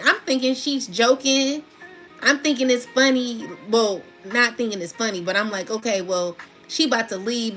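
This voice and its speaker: A woman's voice: fairly high pitch, a bit bright. A woman giving a casual spiritual tarot reading, talking in a chatty, slangy, laughing way. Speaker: tarot reader.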